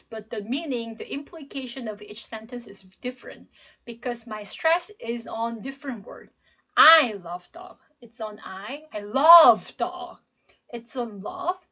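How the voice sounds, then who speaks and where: A middle-aged English professor delivers a classroom lecture slowly and emphatically, demonstrating intonation along the way. Her voice is on the high side with a fairly bright tone.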